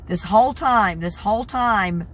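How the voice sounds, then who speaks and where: A tired woman in her sixties talking in a casual vlog, stressed and halting, often repeating herself and restarting sentences. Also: medium pitch, fairly bright tone, slight background noise. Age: 60s. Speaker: vlogger. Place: in her truck at a truck stop.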